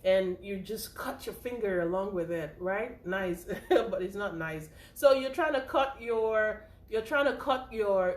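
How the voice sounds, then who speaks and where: A woman giving an informal first aid lesson, chatty and a little out of breath, checking in often with "okay?" and "right?". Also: on the high side. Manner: chatty, repeats points with frequent "okay?" and "right?". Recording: echoey room.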